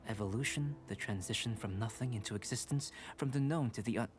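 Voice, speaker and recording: An actor playing a calm, detached young alchemist and painter who talks in an even, scholarly, slightly bored cadence. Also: male voice, lowish voice, brisk, over music, close to an everyday voice.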